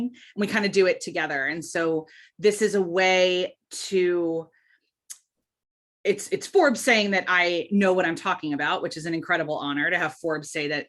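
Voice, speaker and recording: A woman with a fairly low-pitched voice speaks as a podcast guest in relaxed interview conversation. She sounds emphatic and candid, often breaking off and restarting mid-thought. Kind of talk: casual interview chat.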